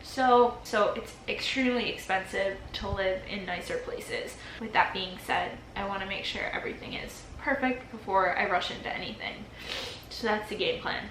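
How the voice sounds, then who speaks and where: A woman's voice: medium pitch, normal speed, a bit bright, slight background noise. A woman in her early twenties vlogging a tearful goodbye to her empty apartment, rambling with lots of "like", crying between laughs. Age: early 20s. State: crying, teary voice. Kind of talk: emotional farewell vlog, casual talk to camera. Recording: echoey empty room.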